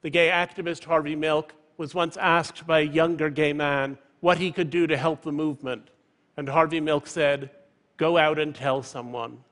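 A man in his fifties giving a prepared public talk from a stage, in a measured, eloquent way. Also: fairly high pitch, little pitch movement, fairly bright tone. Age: 50s. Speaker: public speaker. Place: stage in a large hall. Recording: reverberant large auditorium.

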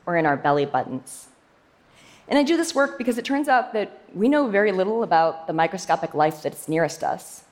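A young woman scientist delivers a prepared talk in a fairly low voice. She speaks with lively emphasis and slips in playful asides.

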